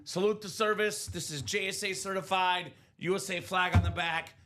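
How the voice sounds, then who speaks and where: A man's voice: sits high, steady tone, moderate pace, sharp tone. A man hosting a live card break, chatting enthusiastically about football players and hits. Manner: enthusiastic, chatty sports banter. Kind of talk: upbeat live stream commentary.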